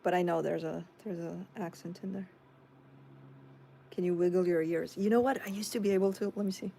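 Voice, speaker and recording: A woman's voice: fairly low pitch, steady tone, brisk, vocal fry, mellow, slight background noise. A woman with a Chicago accent hosting a tarot live stream, reading viewer comments aloud and chatting back casually.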